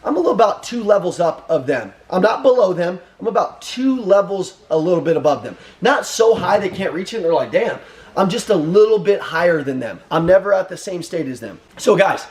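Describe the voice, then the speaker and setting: Casting: young male sales trainer, high voice, intense, blunt and profane, punchy repeated commands. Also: expressive, a little fast. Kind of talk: motivational sales pep talk.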